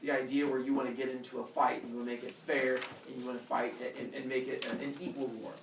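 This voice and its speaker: A male teacher retelling a myth to his class in a casual, animated way, full of fillers and sound effects. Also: mid-range voice, fast, slight background noise. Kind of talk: storytelling lesson. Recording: roomy classroom from far off.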